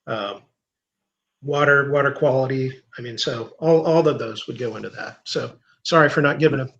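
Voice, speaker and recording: A man as a guest in an interview, explaining soil science in a measured way, thinking aloud with fillers and restarts. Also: mid-range voice, a bit bright, highs cut off. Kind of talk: technical interview answer.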